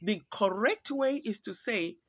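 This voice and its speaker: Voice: medium pitch, animated, unhurried, a bit bright, no room sound. A podcast host from Zimbabwe, with a Zimbabwean accent, giving earnest, reflective and pointed solo commentary. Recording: dull lo-fi, dry.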